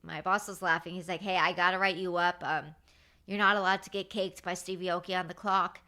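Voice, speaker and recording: A woman in her thirties, a podcast host telling a story in a casual, animated way with lots of fillers. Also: on the low side, brisk. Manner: animated, chatty, with many fillers.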